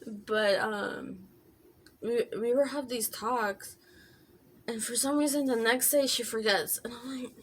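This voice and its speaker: A woman's voice: a little high, steady tone, slow, long pauses, a little hiss or hum. A woman telling a casual storytime vlog while doing her makeup, talking in loose chatty runs full of fillers and restarts. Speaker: vlogger.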